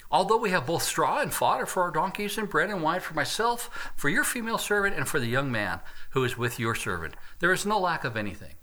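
A man's voice: a little high, big pitch swings, brisk, hardly any pauses, pushed and bright. A man preaching an expository sermon, reading Bible verses aloud and breaking in with his own asides.

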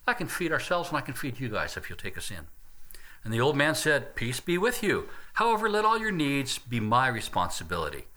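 A man's voice: medium pitch, bright, forceful tone. A man preaching an expository sermon, reading Bible verses aloud and breaking in with his own asides.

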